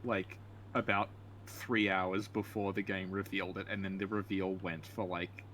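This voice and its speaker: A man's voice: sits low, little pitch movement, moderate pace, fairly bright tone, slight background noise. A man joking and teasing casually while watching a friend play a game. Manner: teasing, jokey banter. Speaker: co-host. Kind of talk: casual let's-play chat.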